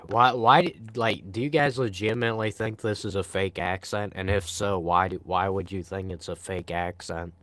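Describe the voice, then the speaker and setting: A man's voice: deep voice, steady tone, moderate pace, a bit bright. A young man live streaming, chatting casually and answering viewer comments in a laid-back, rambling way with frequent sighs.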